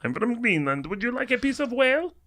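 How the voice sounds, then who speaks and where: A man's voice: very high voice, very animated, a little fast, pushed and bright, slight background noise. Man clowning through silly put-on accents. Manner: goofy put-on foreign accents in mock monologues. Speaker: comedian doing accents. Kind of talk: improvised comedy bits on a podcast.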